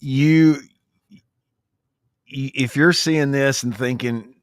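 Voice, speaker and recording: A man's voice: medium pitch, slow pace, clear, resonant tone, no echo, clean studio sound. A man co-hosting a podcast, chatting casually with joking asides. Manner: joking asides, lively voice jumps. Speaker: podcast co-host. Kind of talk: casual chat.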